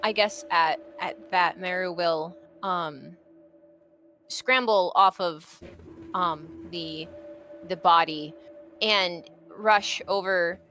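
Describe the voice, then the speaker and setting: A woman player describing her character's actions in a tabletop game, hesitant and full of pauses. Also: mid-range voice, sharp tone. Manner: hesitant, many ums and restarts.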